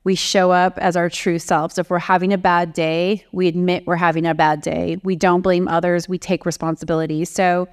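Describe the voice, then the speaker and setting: A woman executive talks through her leadership lessons with candor and a willingness to criticize herself. Her voice sits a little low and comes across smooth and resonant. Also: level tone, normal speed, few pauses. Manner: candid, reflective, self-critical. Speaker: CEO and author. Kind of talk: interview answers, storytelling.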